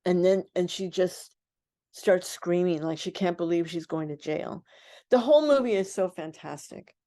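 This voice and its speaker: An older woman with a lowish voice tells stories as a radio guest. She is animated and acts out what other people said. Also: moderate pace. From United States. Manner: animated storyteller acting out quotes. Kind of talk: radio interview, storytelling.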